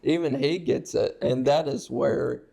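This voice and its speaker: A man co-hosting a podcast, talking quickly in casual chat. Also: medium pitch, steady tone, vocal fry, warm tone, slightly rough. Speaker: show co-host.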